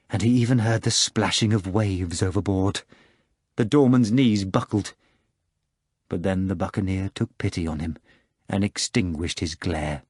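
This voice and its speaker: A man's voice: mid-range voice, no room sound. Man reading an audiobook, dry close sound. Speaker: audiobook narrator. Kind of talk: scripted narration.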